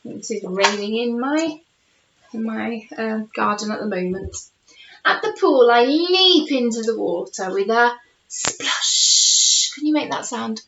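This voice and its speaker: A woman's voice: a little high, slow pace. A woman teacher reading a picture book aloud to young children at home, playful and asking them questions. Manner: lively, playful, asks the young listeners questions. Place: home with a conservatory. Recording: roomy, dull home recording.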